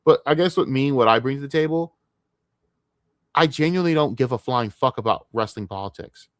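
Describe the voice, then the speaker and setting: A man from the United States ranting on a casual livestream, tired and frustrated, swearing freely and restarting his sentences. His voice sits in an ordinary middle pitch, close and dry on a desk mic with no room sound. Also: a little fast, no echo. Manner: frustrated, profane, rambling with repeated restarts. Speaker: streamer.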